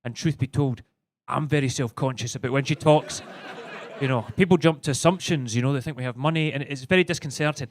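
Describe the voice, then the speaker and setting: A man's voice: medium pitch, a little fast, a little hiss or hum. A young Scottish man performing a rambling stand-up set on a comedy club stage, often stammering and restarting. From Scotland.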